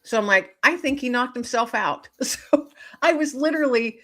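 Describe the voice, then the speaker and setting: A woman author, a guest on an interview show, telling animated stories with plenty of laughter and acted-out voices. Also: fairly high pitch, normal speed. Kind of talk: casual storytelling interview.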